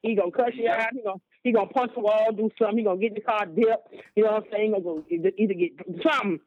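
A man's voice: high voice, fairly even intonation, racing, no room sound, dull audio. A man co-hosting a podcast, telling jokes and stories loosely in heavy slang. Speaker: podcast co-host. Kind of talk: casual chat.

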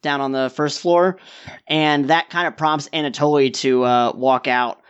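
A man running a tabletop game as game master, narrating in a casual, halting way with many fillers. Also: a little high, steady tone, clear, resonant tone. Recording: dull lo-fi recording.

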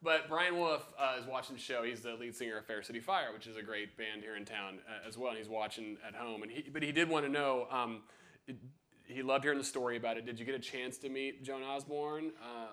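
A man's voice: medium pitch, fairly even intonation, a little fast, bright, forceful tone. A man co-hosting a live music show, upbeat as he reads out viewer messages and stumbles into restarts. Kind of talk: casual on-air chat.

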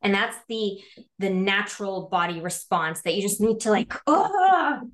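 A lively, animated woman speaks as a guest on a podcast, breaking into laughs and playful acted-out voices as she explains. Her voice sits at a middle pitch, and the room around her gives it a noticeable echo. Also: normal speed. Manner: animated, acts out quoted voices, laughs often. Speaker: guest coach. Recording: roomy echo.

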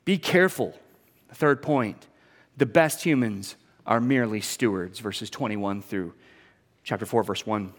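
A man's voice: fairly low pitch, measured pace. A middle-aged man, a pastor, preaching a sermon emphatically, with humor and rhetorical questions to his congregation in a church sanctuary. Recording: long hall reverb.

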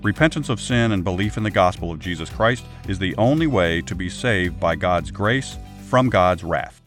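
A man hosting a podcast, giving a steady, earnest scripted Bible story narration. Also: sits low, moderate pace, over music. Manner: steady, plain, earnest reading.

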